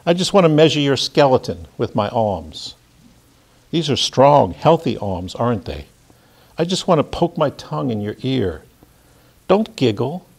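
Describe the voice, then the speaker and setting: A man's voice: mid-range voice, sing-song, measured pace, creaky, darkish tone, husky, voice pushed up, full character voice. A man reading a menacing monologue aloud as a sinister seducer who repeats himself insistently. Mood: coaxing.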